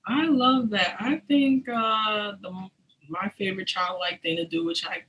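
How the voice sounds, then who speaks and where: A woman hosting a casual podcast interview, animated and quick to laugh, often restarting her sentences. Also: mid-range voice, rough recording. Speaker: podcast host.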